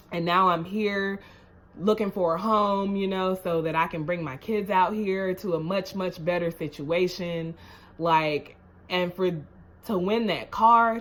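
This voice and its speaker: A woman's voice: medium pitch, fairly bright tone. A woman vlogger telling a story to camera in a casual, chatty way. She speaks earnestly and emotionally, repeats herself, keeps asking "you know what I'm saying?", and builds to rousing encouragement.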